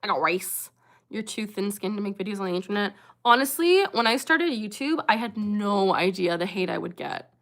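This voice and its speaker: A woman's voice: medium pitch, expressive, fairly quick, a bit bright. A young woman hosting a casual livestream, chatting earnestly with viewers and breaking off with sudden vocal tics. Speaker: livestream host answering chat.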